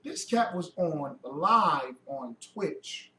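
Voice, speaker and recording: A man's voice: on the high side, lively intonation, extremely slow, pushed and bright. A man giving a heated lecture to a group, preachy and mocking, firing off rhetorical questions. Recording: echoey room, mic far off, faint noise.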